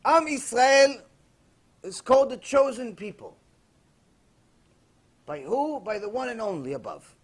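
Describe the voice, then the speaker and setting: A man's voice: very high-pitched, a little slow, long pauses. A man preaching as a rabbi, telling a story in a sermon and acting out the people in it. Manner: animated, acts out the quoted characters in his story.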